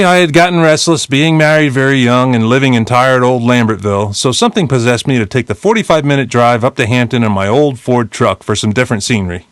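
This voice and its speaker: A man's voice: medium pitch, no room sound. Fifties guy from new jersey reading his memoir, bouncy up and down delivery, dry close sound. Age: 50s. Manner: lively, blunt storytelling with casual swearing. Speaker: memoir narrator.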